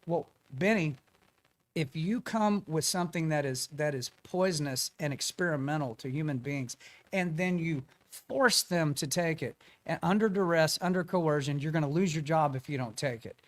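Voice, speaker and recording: A man's voice: on the high side, normal speed. A man telling a story as a guest in a casual interview, acting out the quotes of the people in it. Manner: animated storyteller, acts out quotes.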